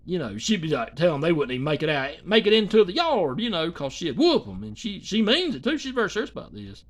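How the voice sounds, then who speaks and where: A man's voice: high voice, sing-song, quick pace. A man rambling in casual reaction commentary, swearing and full of fillers.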